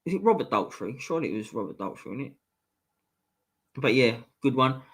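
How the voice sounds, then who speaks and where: A man's voice: medium pitch, big pitch swings, brisk, slightly rough. A man hosting a live stream, reading out viewer comments and bantering bluntly with lots of swearing.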